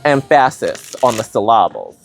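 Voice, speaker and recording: Man, tarot reader, casual spiritual reading, animated, playful, rambling with fillers, medium-pitched voice. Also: moderate pace, gravelly, faint music behind.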